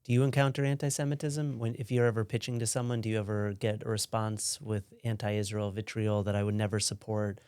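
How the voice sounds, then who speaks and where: Male interviewer, low and flat, smooth voice, dry sound. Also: a little fast, hardly any pauses, dry recording. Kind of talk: casual interview talk.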